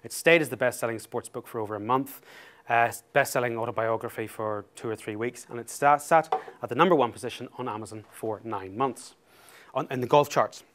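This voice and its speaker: A man giving a talk as an author, telling an anecdote in a lively, self-mocking way and laughing through the story. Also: medium pitch, a little fast, slight background noise.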